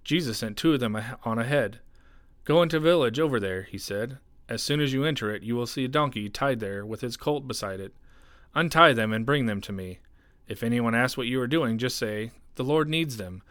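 A man reading the Bible aloud as a church pastor, measured and expressive, raising his voice for the quoted shouts. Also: mid-range voice, no echo.

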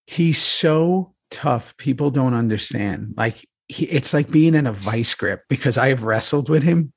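A man's voice: medium pitch, moderate pace, vocal fry, a little mellow, breathy edge. Effusive swearing man co-host. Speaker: podcast co-host. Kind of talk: casual chat.

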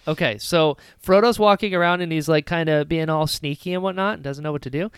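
A woman hosting a podcast, recapping a film in casual chat with lively retellings. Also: low-pitched, clear, resonant tone, no room sound, studio quality. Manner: animated retelling with quick character voices. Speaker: podcast host.

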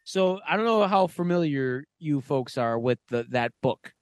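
A man's voice: a little high, lively intonation, a little slow, smooth, dry recording. A man co-hosting a podcast, telling a casual, profane, rambling story full of "like" fillers. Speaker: podcast co-host.

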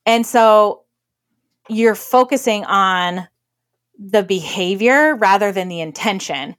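A woman co-hosting a podcast, talking through relationship advice in a relaxed, conversational way. She leans hard on key points, stresses words with conviction and laughs easily. Her voice sits at an ordinary middle pitch. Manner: emphatic, earnest, quick to laugh. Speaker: podcast co-host. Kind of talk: casual relationship advice chat.

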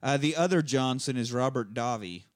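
A man on a podcast casually recapping a movie plot, swearing freely and jumping into quick character voices. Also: medium pitch, no room sound, clean studio sound. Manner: profane, animated retelling with quick voices for characters. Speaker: podcast host. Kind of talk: casual movie rewatch chat.

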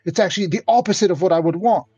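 A man's voice: high voice, very fast, dark tone, breathy edge, no room sound, soft background music, pitched above the performer's own voice. A man voicing a frightened young male suspect who stammers and pleads, repeating himself, on dull lo-fi audio. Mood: pleading.

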